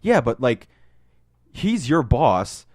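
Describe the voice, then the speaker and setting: A man's voice: fairly low pitch, a little fast, no echo, studio quality. A man casually chatting as a podcast co-host, rambling with lots of ums and acting out movie lines. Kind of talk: casual chat, movie review.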